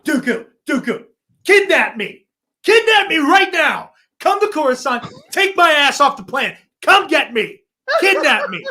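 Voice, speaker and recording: A panicking old emperor, high-pitched and frantic, as a man puts him on. He begs and swears in a raised, urgent voice, like a comedy-podcast parody. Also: very animated, unhurried, bright, forceful tone, heavily acted. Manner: frantic pleading, profane.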